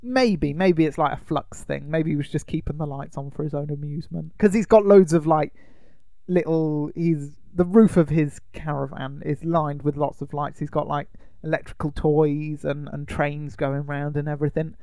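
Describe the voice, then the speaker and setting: Gravelly man, rambling recap. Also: a little high, fairly even intonation, moderate pace, warm tone, dry recording. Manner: rambling, with many ums and uhs. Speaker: podcast co-host. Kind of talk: casual chat recapping a film.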